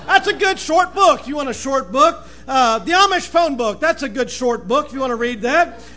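Male preacher, very high bright voice, folksy joker who keeps saying amen. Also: lively intonation, moderate pace. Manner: folksy, says "amen" and "brother" often, laughs at own jokes. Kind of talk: joking sermon opening.

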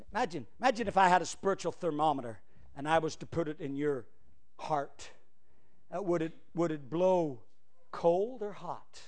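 A male pastor preaching a fiery sermon, swinging from loud cries to hushed asides. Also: on the high side.

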